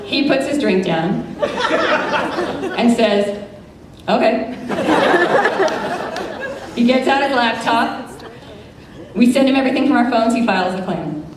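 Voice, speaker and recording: A woman's voice: a little high, normal speed, long pauses, over a noisy crowd, heavy background noise. American woman telling a story, echoey hall. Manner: vivid, animated storytelling with quoted dialogue. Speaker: immigration attorney telling a story on stage. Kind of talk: live storytelling performance. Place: large event space, live audience. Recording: echoey room from far off.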